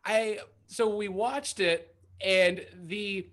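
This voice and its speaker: Higher-voiced enthusiastic male podcast host. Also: very slow, fairly bright tone. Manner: enthusiastic, chatty, laughs a lot. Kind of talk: casual interview chat.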